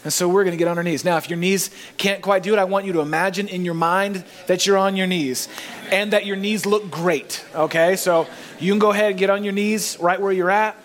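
A man's voice: high-pitched, steady tone, brisk. A man preaching a sermon in a church, earnest and emphatic, rising on key phrases. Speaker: pastor.

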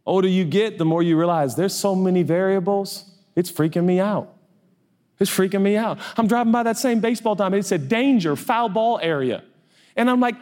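A middle-aged male pastor preaching a lively sermon, self-mocking and animated, often jumping into high silly voices for comic asides. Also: normal speed. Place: church auditorium. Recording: long reverb of a large hall.

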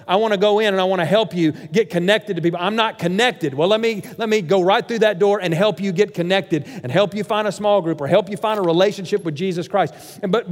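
A man preaching a sermon as pastor, emphatic and swinging from loud declarations to hushed lines. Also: high voice. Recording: hall reverb.

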